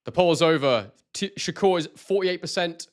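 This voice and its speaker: A young British man from Scotland with a London-like accent, hosting a live boxing stream in casual commentary and reading out chat messages excitedly. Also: a little high, moderate pace. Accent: southern English, London-like.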